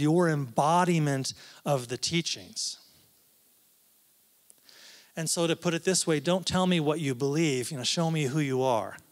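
A man, a professor, giving a conversational talk at a church, with asides and frequent restarts. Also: fairly high pitch. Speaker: guest speaker, professor.

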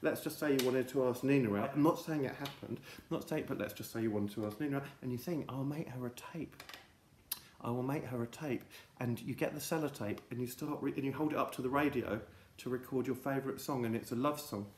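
A man hosts a silly mock lesson for children, rambling in a deadpan way that swings from loud to hushed. His voice sits at a middling pitch. The room around him is echoey. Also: quick pace, a little hiss or hum. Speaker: comedy presenter of a children's show. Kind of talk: absurd mock lesson for kids. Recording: roomy echo.

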